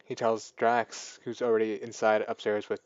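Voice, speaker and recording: A man's voice: fairly low pitch, moderate pace, clean tone, no echo, lo-fi sound. A man giving a casual spoken film review, rambling through the plot with lots of fillers and restarts. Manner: rambling, filler-heavy, excited plot retelling. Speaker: movie reviewer.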